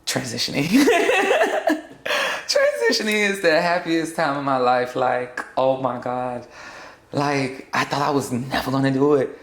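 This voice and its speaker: A young trans woman from South Florida speaking in a candid sit-down interview, blunt and sassy and quick to laugh. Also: rumbling low, big pitch swings, echoey room. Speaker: interview guest.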